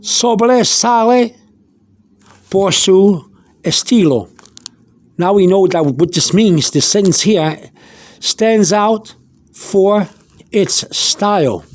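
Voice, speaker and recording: A man teaching an informal vocabulary lesson, going slowly over each word, spelling words out letter by letter and wandering into asides. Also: high voice, darkish tone, dry recording. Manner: meandering, with many restarts and fillers. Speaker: Spanish teacher.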